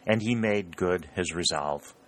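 A man reading a historical war novel aloud in measured, scripted narration. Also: low-pitched. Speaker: audiobook narrator.

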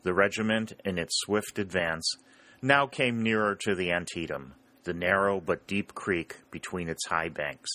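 A man narrating a historical novel in a steady, plain reading style. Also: deep voice, a little slow. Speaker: audiobook narrator. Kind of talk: storybook narration.

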